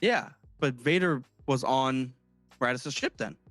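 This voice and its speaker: A man co-hosting a casual comedy podcast who talks in halting restarts and swears as he rants. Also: mid-range voice, fairly bright tone, dry recording, faint music behind. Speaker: podcast co-host.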